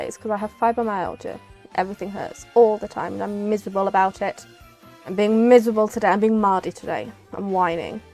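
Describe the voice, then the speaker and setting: A young woman chatting casually while playing a game, rambling and breaking into excited exclamations. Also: mid-range voice. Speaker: streamer.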